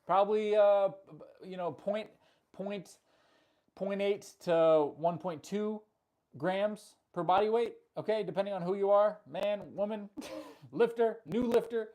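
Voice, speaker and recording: A man's voice: high voice, measured pace, darkish tone. A man coaching on a live stream, upbeat, greeting viewers and answering chat comments, often laughing and repeating words for emphasis. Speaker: fitness coach.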